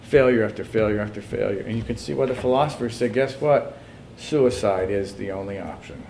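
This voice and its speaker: A man preaching a sermon, dropping to quiet asides and then climbing to loud, high, emphatic passages as he reads quotations aloud. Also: fast, creaky, slight background noise. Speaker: pastor.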